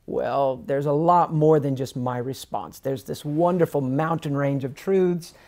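An earnest man talks on a podcast in a fairly high voice. His delivery is casual and conversational, and he slips into the voices of people he quotes. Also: a little slow, a little mellow.

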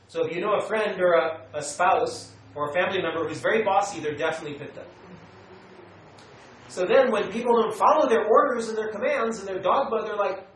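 A high-pitched American man lectures a class in a meditation center's lecture room, acting out quotes with animation and telling students what to write down. The recording is echoey, with the mic far off and a little noise.

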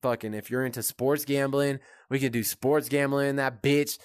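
A young man streaming a football video game, cursing and yelling at the players as he plays. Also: medium pitch, steady tone, normal speed, smooth, dry recording. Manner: profane, yells at the game. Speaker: gaming streamer. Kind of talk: gaming commentary. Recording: loud game crowd and noise. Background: loud video game stadium crowd.

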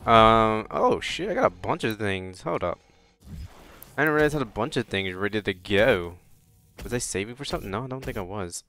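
A man casually commenting on a game he plays, rambling, swearing and bursting out loud. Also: lowish voice, lively intonation, brisk. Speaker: let's play host.

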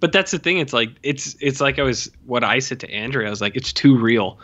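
A man's voice: mid-range voice, fast talker, dull audio. A man co-hosting a casual film review podcast. He rambles through scenes, packing his talk with "like" and "uh" fillers. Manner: rambling, heavy use of "like" and "uh" fillers; animated retelling of scenes. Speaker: podcast co-host.

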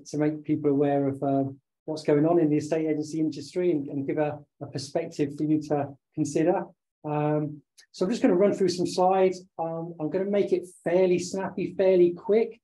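Slightly hoarse man, dark tone. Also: on the high side, poor audio. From United Kingdom. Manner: conversational, with many filler sounds and restarts. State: slightly hoarse from talking all day. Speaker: webinar presenter and business owner. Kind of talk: online presentation over slides.

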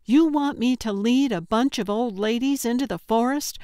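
A woman's voice: fairly high pitch, moderate pace, warm tone, no echo, studio quality, pitched above the performer's own voice, lightly acted. A woman narrator voicing a frightened, exasperated young woman hiker who is trapped. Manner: exasperated, defensive.

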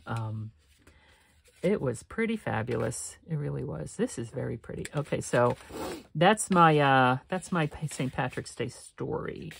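A woman's voice: extremely low pitch, gravelly, a little mellow, a little hiss or hum. Chatty woman rambling while crafting. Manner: rambling and chatty, with frequent laughs and restarts. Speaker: paper craft channel host. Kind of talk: casual chat while crafting.

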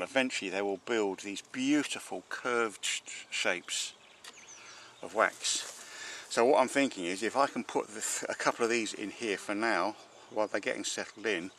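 A man, a beekeeper chatting casually as he works a hive outdoors and talks to his bees, breaking into excited exclamations. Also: fairly low pitch, moderate pace, a little hiss or hum. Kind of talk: casual narration while working a hive. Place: outdoors at a beehive. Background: buzzing bees.

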